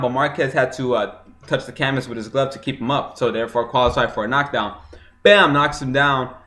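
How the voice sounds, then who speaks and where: A young man giving a casual, excitable recap of a boxing fight, swearing often and acting out punches with sound effects. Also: mid-range voice. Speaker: boxing vlogger.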